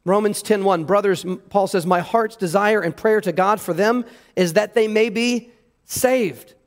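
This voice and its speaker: A man's voice: high voice, a little slow. A pastor preaching an earnest sermon, emphatic and repeating words as he stresses his points. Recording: long hall reverb.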